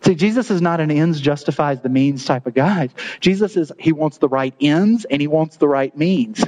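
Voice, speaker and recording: Preaching a sermon at a moderate pace, this male pastor has a darkish, slightly higher-than-typical voice. His style is relaxed and chatty, full of jokes and laughter at his own asides, captured on a rough recording.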